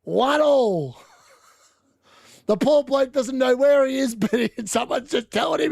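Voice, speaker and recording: A man hosting a casual live football watchalong, excitable and shouting when goals go in. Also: very high-pitched, measured pace, gravelly, pauses often, no room sound, clean studio sound. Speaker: watchalong host. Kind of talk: casual live match commentary.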